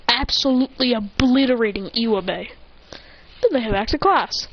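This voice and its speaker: A woman's voice: fairly high pitch, lively intonation, moderate pace, dull audio. A woman casually telling an improvised fan-fiction story, rambling, with filler asides and self-corrections.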